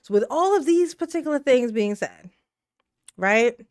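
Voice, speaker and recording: A woman's voice: sits high, lively intonation, normal speed, dry recording, studio quality. A woman hosting a casual live stream, reading viewer comments aloud, laughing often and talking in a slangy, emotional way. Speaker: livestream commentary host.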